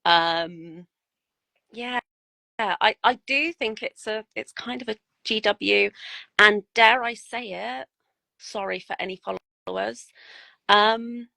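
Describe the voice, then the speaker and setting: Woman on a podcast, bright tense voice, dry close sound, just says it straight and swears a lot. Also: mid-range voice, slow, creaky, no echo, low-quality recording. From United Kingdom. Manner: blunt and frank, swears freely. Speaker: guest miniature painter. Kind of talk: casual podcast chat.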